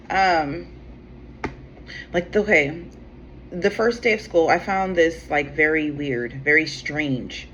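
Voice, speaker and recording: A tarot channel host with a deep yet slightly bright voice chats casually, rambling through a story full of "like," "you know what I'm saying," and free swearing. The audio sounds slightly dull, with faint room ambience and a little hiss or hum.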